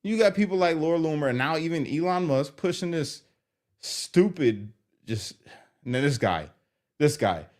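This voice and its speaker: Brief: male streamer, slightly high voice, animated and exasperated delivery. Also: moderate pace. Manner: animated and exasperated, reads comments aloud. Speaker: streamer reacting to comments. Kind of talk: live commentary.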